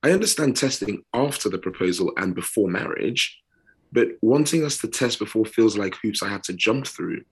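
A British man with a very low, deep voice talks on a casual podcast. He speaks earnestly and unhurriedly, leaning into pauses and repeating words as he builds his point. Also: lively intonation, slightly rough. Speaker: podcast co-host.

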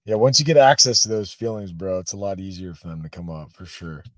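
Low-voiced man telling emotional stories. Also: a little fast, no room sound. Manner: emotional, animated, peppered with "bro" and "man". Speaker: podcast guest. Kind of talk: casual storytelling.

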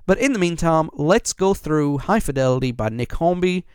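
A man hosting a podcast on his own, reading out listener lists in a casual, upbeat way with quick asides. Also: a little high, animated. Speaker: podcast host. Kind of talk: casual solo podcast chat.

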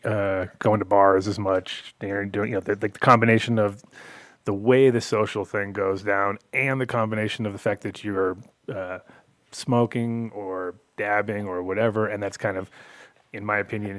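A man chatting on a podcast in a loose, rambling way, his low voice often sinking into soft mumbles. The recording is dry and close, with no room sound. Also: dry recording. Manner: rambling, laid-back, drifts quiet and mumbly. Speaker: podcast co-host. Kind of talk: casual chat.

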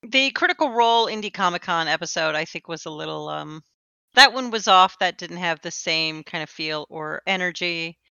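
Woman, podcast co-host, bright, smooth, playfully dramatic, slightly dull lo-fi sound. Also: fairly low pitch, lively intonation, moderate pace, no echo. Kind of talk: casual chat.

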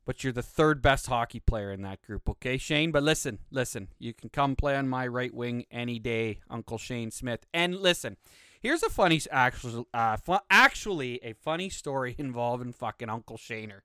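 A man's voice: mid-range voice, animated, normal speed, pushed and bright, clean tone, no room sound, studio quality. A man from Canada, hosting a podcast and telling stories in a blunt, heavily swearing, casual way. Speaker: podcast host. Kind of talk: casual profane storytelling.

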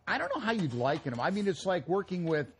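A man with a high-pitched, husky voice co-hosts a live radio cooking show, speaking fast and very animatedly. He jokes, rambles in casual banter and coughs now and then, broadcasting live from a retail store.

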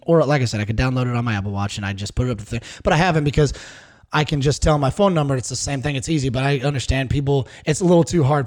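A young man co-hosting a podcast, telling stories in a casual chat and swearing freely. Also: mid-range voice. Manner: animated storytelling, acts out quoted voices, swears casually. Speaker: podcast co-host.

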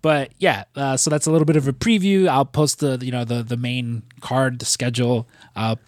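A man co-hosting a casual podcast, rambling along with plenty of fillers and offhand swearing. His voice sits in an ordinary middle pitch. The sound is dry and close, with no room echo. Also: fairly even intonation, moderate pace. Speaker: podcast co-host.

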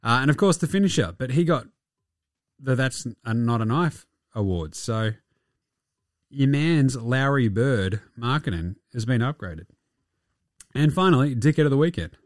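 An Australian man hosts a sports podcast, tossing out swear-laden jokes and sarcastic asides over the week's games. His voice sits at a middling pitch, and the recording is dry and close with no room sound. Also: lively intonation, normal speed, dry recording. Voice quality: profane, joking, sarcastic. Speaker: podcast host. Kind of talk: casual sports commentary.

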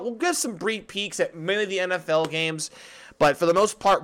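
Excitable high-voiced man, very lively. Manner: excitable, giggly, stumbles and repeats words. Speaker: podcast co-host. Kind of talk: casual sports chat.

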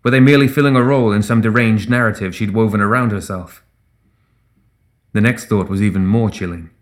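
A man reading a fantasy story aloud as narrator in a measured, even way. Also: fairly low pitch. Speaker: audiobook narrator. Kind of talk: scripted narration.

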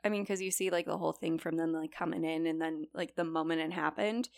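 A young woman retells a true story to her co-host in a loose, chatty way, sprinkling in likes and you-knows. Her voice has a gravelly, fry-tinged texture. The recording is dry and close. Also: sits low, steady tone, quick pace, no room sound. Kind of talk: casual storytelling chat.

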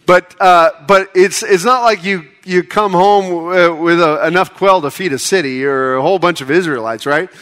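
A man's voice: sits high, fairly bright tone. A middle-aged American man preaching a sermon in a conversational way, with joking asides that build to impassioned appeals. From United States. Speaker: pastor.

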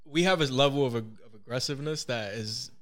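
A man's voice: medium pitch, fast, a bit bright. A man co-hosting a casual podcast chat, chiming in with short, slangy interjections.

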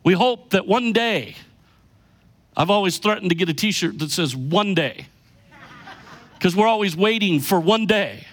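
A middle-aged pastor preaching a sermon with emphasis, slowing down to stress key lines. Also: male voice, high-pitched, lively intonation.

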